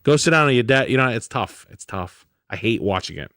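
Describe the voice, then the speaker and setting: A man's voice: medium pitch, lively intonation, brisk, a bit bright, dry recording, clean studio sound. A man co-hosting a podcast, talking in profane, dismissive casual chat.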